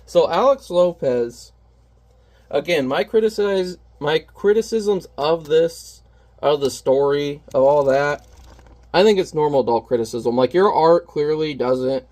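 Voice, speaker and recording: Brief: candid, rambling man, a parent, talking through a painting session, voice a bit high for a man. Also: a little slow, darkish tone. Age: adult parent. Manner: rambling, candid, self-deprecating. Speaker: artist painting on camera. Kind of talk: casual chat while painting.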